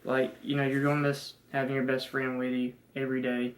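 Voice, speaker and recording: A young man with a thick Southern country accent speaks earnestly and rambles. His delivery stays flat, with little rise or fall in pitch. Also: fairly quick, poor audio. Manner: rambling, heavy fillers, earnest. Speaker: fiancé, guest. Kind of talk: casual chat.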